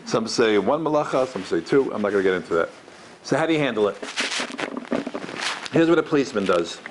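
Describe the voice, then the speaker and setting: Animated middle-aged man telling stories. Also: a little fast, background noise. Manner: animated, acts out the people in his stories with big pitch jumps. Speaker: rabbi giving a lecture. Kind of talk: storytelling lecture to a live audience. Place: large room in front of an audience.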